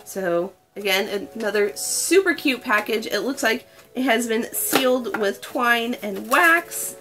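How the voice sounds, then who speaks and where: A woman's voice: fairly high pitch, lively intonation, slow pace, music in the background. A young woman chatting through an unboxing, gushing and gasping with delight over each item. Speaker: unboxing vlogger. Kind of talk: excited unboxing chat.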